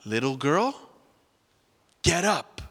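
A man voicing a calm, reassuring healer in a retold story, in an echoey church hall. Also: fairly high pitch, very slow, husky, heavily acted. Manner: gentle, reassuring. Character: calm, kind male healer.

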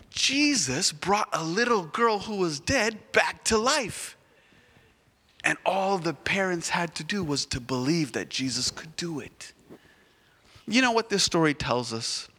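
A man's voice: high voice, a little slow, slightly rough. A man telling a Bible story to children at church, asking them questions as he goes. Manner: animated, asks the children questions. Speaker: children's sermon leader. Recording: echoey church hall.

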